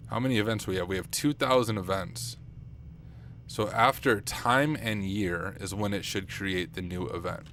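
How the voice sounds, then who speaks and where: Young guy on a late night live stream, lowish voice going a bit rough, thinks out loud, faint typing behind. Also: normal speed, a little hiss or hum. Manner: thinking aloud, self-deprecating, chatty with viewers. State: voice getting rough. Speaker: streamer, penetration tester. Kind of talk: casual live-stream talk while working. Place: home computer room at night.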